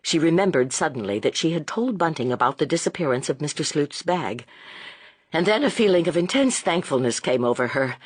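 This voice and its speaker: An audiobook narrator reading a classic novel in a measured, expressive way. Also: mid-range voice, husky, no room sound.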